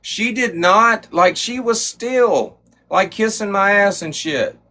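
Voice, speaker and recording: A man's voice: high voice, takes it slowly, bright, forceful tone. Profane man ranting on a livestream. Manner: profane, swaggering, storytelling. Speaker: livestream host. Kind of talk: heated casual livestream rant.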